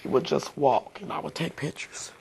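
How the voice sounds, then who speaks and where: A woman's voice: deep voice, moderate pace, creaky, a little mellow, slightly rough. A woman, a mother being interviewed, talking heartfelt and rambling with many fillers. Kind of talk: emotional interview recollection.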